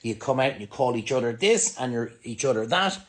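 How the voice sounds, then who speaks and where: A man's voice: mid-range voice, expressive, a little fast, a bit bright. An angry, sweary man with an Irish accent, a restaurant owner ranting bluntly to camera in a vlog monologue. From Ireland.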